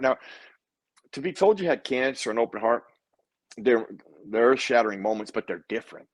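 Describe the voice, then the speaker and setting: A man's voice: medium pitch, normal speed, pauses often, no room sound. A man, a guest in a casual interview, telling a personal story and acting out what other people said. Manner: animated storyteller who acts out other people's lines.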